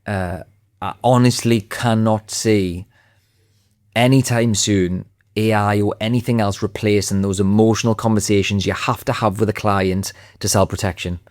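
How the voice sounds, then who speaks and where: Low-voiced confident man, dry close sound. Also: steady tone, moderate pace, darkish tone, no room sound. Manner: confident, emphatic, conversational. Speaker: podcast guest, sales trainer. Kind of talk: podcast interview.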